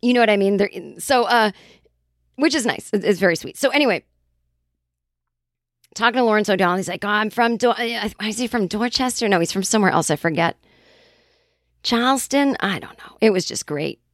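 A woman's voice: medium pitch, expressive, brisk, long pauses, no room sound, studio quality. A woman comedian from the Boston area, telling a rambling, profane story in casual chat with lots of quoted voices. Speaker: comedian and writer.

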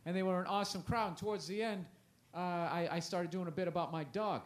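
A man's voice: high-pitched, fairly even intonation, fast. A man in his forties, a comedian talking in a loose, rambling, self-mocking way with plenty of swearing. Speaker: comedian guest. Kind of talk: casual chat. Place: festival interview.

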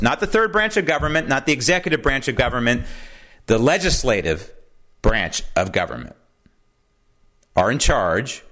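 A man hosting his own talk program, giving an animated political commentary monologue, often asking "right?" and drifting into asides. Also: medium pitch. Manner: digresses into anecdotes. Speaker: host.

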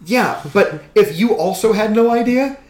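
A man's voice: high voice, animated, moderate pace, background noise. Profane ranting man, echoey room. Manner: profane, ranting, mock-quoting characters. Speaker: podcast co-host. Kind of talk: casual movie chat.

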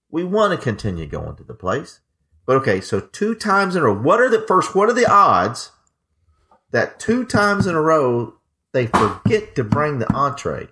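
A man's voice: on the high side, sharp tone. A man co-hosting a casual podcast, telling a rambling story with lots of restarts and acted-out dialogue. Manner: rambling, restarts, acts out both sides of dialogue. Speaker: podcast co-host.

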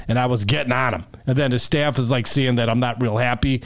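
A man co-hosting talk radio, telling stories in an animated, emphatic way and repeating himself for effect. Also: medium pitch, fast talker, hardly any pauses. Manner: animated storyteller, emphatic and repetitive. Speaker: radio co-host, mortgage professional. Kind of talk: casual political talk radio banter.

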